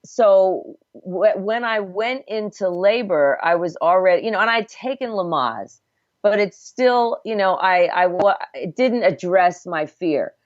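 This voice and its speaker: A woman's voice: mid-range voice, expressive, a little slow, no echo. A middle-aged woman, a midwife and former obstetric nurse, telling her story earnestly and reflectively in a conversational interview. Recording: dull, dry lo-fi audio.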